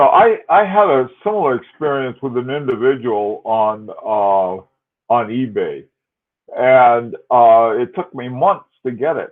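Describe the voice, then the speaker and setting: A man co-hosting a live stream, talking hesitantly with many fillers and restarts, in a self-deprecating way. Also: medium pitch. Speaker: co-host of a watch live stream. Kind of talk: casual live-stream chat. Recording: tinny phone-like call audio.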